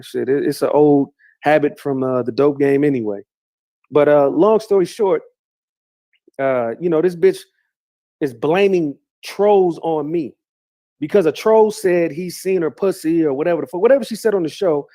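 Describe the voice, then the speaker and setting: A man's voice: a little high, a little mellow. A middle-aged man ranting heatedly as a YouTuber, repeating insults and swearing constantly. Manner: heated, profane, repetitive insults. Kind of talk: angry rant.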